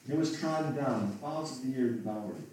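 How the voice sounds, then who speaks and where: A man's voice: mid-range voice, fast talker, a little mellow, a little hiss or hum. A man preaching a sermon, reading scripture aloud and asking pleading rhetorical questions. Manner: reads King James scripture aloud, then asks pleading rhetorical questions. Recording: roomy echo from a distant mic.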